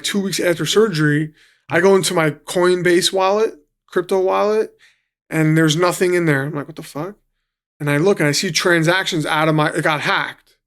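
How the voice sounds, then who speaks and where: NY man, gravelly and a bit high-pitched, casual guest storyteller who swears a lot. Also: fairly bright tone. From New York City. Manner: swears freely, acts out quotes. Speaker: guest, professional fighter.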